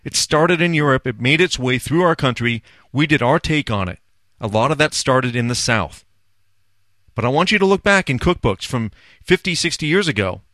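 A man talks in a blunt, sarcastic, profane rant as a podcast host. His voice is mid-pitched and ordinary. The sound is dry and close to the mic. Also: lively intonation, normal speed, fairly bright tone, no echo. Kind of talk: casual ranting commentary.

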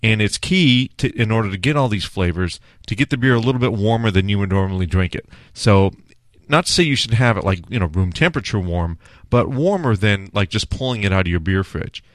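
A man's voice: lowish voice, fairly quick, no echo, clean studio sound. A man hosting a food and beer show, chatting casually through a beer tasting with many filler words. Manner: chatty, relaxed, with frequent "uh" fillers.

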